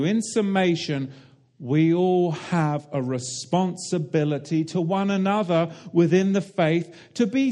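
A man's voice: on the high side, a little mellow. A man preaching a sermon, emphatic and direct, asking the listeners rhetorical questions and explaining Hebrew and Greek terms.

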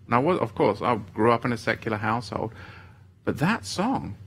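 Chatty man with a bright voice. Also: mid-range voice, lively intonation, fairly quick, slightly rough. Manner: chatty, self-deprecating, breaks off mid-sentence. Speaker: livestream host of a faith show. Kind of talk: casual chat, reading viewer comments.

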